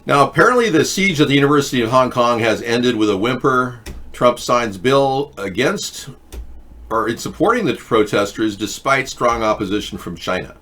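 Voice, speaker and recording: A man's voice: mid-range voice, lively intonation, moderate pace, a bit bright. A man hosting a political talk show, reading news headlines aloud and mocking them with sarcastic asides. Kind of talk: casual political commentary.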